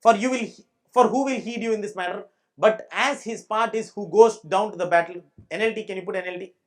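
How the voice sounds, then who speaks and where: Emphatic pastor with Indian English accent. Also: male voice, high-pitched, a little fast. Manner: emphatic, repeats points and checks the audience understands. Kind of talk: preaching a sermon. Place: church.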